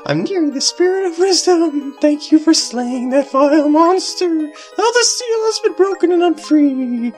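A gentle fairy spirit, as a gamer reads her lines in a raised voice. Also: high-pitched, expressive, measured pace, hardly any pauses, pitched above the performer's own voice. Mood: grateful. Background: game music.

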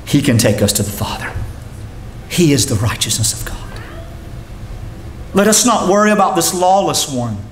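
Male pastor, high-pitched, preaching with sharp pitch swings; echoey room, faint noise. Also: sing-song, moderate pace, pauses often. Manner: preaching with sudden rises and drops in pitch. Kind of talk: sermon.

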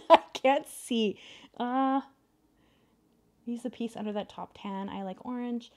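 A woman's voice: fairly high pitch, takes it slowly, darkish tone. A young woman from Canada hosting a crafting live stream, chatting casually with viewers and her cat while she works. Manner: chatty, indecisive, talks to chat and her cat. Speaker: craft video host.

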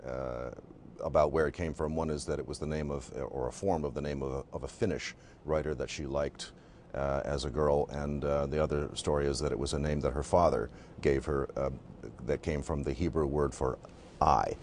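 Very deep-voiced man explaining, pausing often. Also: steady tone, darkish tone, slight background noise. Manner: explanatory, with frequent uh and um pauses. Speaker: author and guest. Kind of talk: interview answers.

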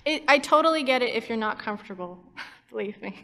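A woman with a fairly high voice chats on a convention panel, giggling and piling up fillers as she goes. Her voice carries a long reverb from the hall around her. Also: animated, fairly quick, bright, forceful tone. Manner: chatty and giggly, many fillers and restarts. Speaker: panelist, YouTube storyteller. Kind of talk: casual panel chat.

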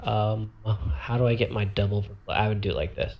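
In a muffled recording, a tabletop miniatures player thinks aloud while walking through a game turn, counting squares and correcting himself as he demonstrates moves. His voice is fairly low and slightly fast.

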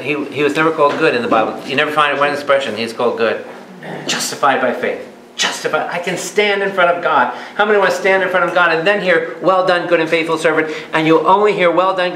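A man, a priest, teaching a Bible study in a sermon style, with humorous, animated storytelling and rhetorical questions. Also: on the high side, a little hiss or hum. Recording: echoey hall with live audience. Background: audience laughter and responses.

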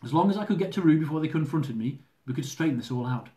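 A man reading his own humorous travel memoir aloud, lively and dramatic, with comic swearing. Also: fairly high pitch, fast. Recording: roomy echo.

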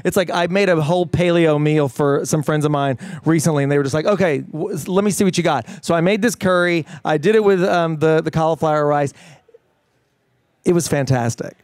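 A middle-aged man chatting as an interview guest, eager and animated, often restarting his sentences. His voice sits a little high. The sound is dry and close. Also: brisk, dry recording. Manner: enthusiastic, animated, many fillers and restarts. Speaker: fitness trainer guest. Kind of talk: casual interview chat.

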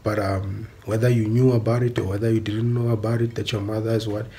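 A man's voice: on the low side, flat delivery, fairly quick, dark tone. A South African man ranting bluntly on a stream, repeating himself and swearing. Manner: blunt, repetitive, swearing, emphatic. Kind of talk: angry ranting monologue.

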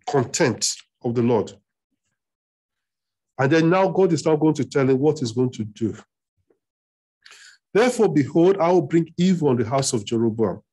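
A man delivers a sermon in a husky, slightly breathy voice that sits a little high for a man. He preaches with emphasis, repeating phrases and pushing his pitch upward when he stresses a point. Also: expressive, moderate pace, mellow. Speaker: pastor. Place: church hall.

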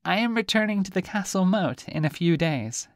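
A man voicing a chatty, polite silverfish in a storybook reading, speaking high and genteel. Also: lively intonation, normal speed, no room sound, studio quality.

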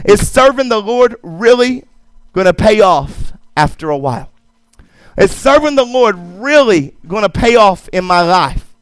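High-voiced emphatic preacher man. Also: expressive, unhurried, clean tone, dry recording. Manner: emphatic preaching with repetition and call-and-response asides. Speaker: pastor. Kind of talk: sermon. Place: church sanctuary.

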